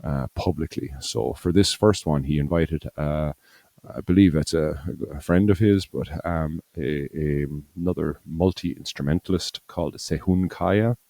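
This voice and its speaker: A very deep-voiced man rambles casually on a podcast, circling back with fillers and self-corrections. His tone is mellow and low. The sound is close and dry. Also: unhurried, gravelly, dry recording. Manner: rambling, full of fillers and restarts. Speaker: podcast co-host. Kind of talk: casual chat.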